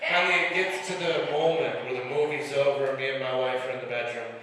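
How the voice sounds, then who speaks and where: A man's voice: medium pitch, steady tone, quick pace, background noise. A man in his forties doing a stand-up set in a comedy club, telling crude self-mocking stories. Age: 40s. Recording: roomy club sound from a distance. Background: audience laughter.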